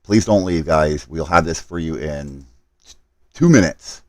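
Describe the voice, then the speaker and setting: A man's voice: extremely low pitch, unhurried, a little mellow, no echo. A man live streaming a game, talking to his chat while he hurries through setup and apologizes for his mistakes.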